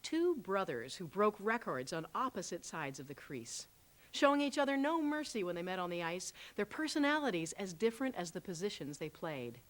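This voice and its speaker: A woman host giving a scripted, measured introduction to a documentary. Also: medium pitch, sing-song.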